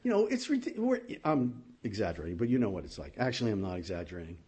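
A man preaching a sermon as pastor, animated, swinging from loud exclamations to low asides. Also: fast talker.

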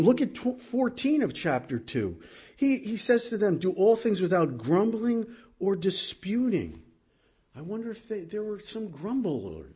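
A man preaching a sermon as pastor, animated, swinging from loud exclamations to low asides. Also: slightly rough.

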